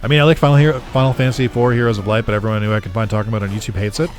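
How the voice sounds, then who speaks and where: A man chats casually while streaming a game, ranting sarcastically, swearing heavily and laughing often. He talks very fast in a lowish voice with fairly even intonation, and faint music plays behind him.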